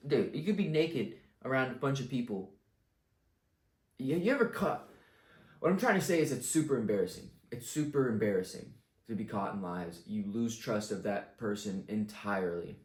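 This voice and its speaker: A young man rants about life with blunt confidence, swearing freely as he makes his points. His voice sits at an ordinary pitch and bounces around an echoey room. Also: lively intonation, moderate pace. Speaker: vlogger giving life advice. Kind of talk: casual rant to camera.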